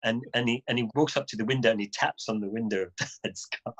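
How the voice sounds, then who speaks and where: A man as an interview guest, telling a story in a casual, animated way, often restarting phrases and chuckling. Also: medium pitch, fast, low-quality recording.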